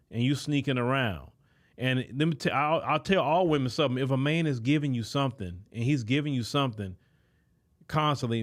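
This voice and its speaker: A man hosting his own show, giving an emphatic, lecturing commentary with frequent stalling fillers. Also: mid-range voice. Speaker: host. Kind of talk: commentary monologue.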